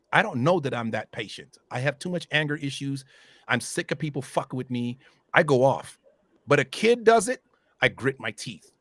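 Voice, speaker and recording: A man hosting a casual chat, animated and swearing freely, with loud bursts when he gets worked up. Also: medium pitch, no echo.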